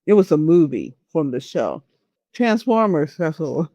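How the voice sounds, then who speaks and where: A man's voice: a little high, big pitch swings, unhurried, mellow, no room sound, dull audio. A man chiming in briefly during a casual podcast chat.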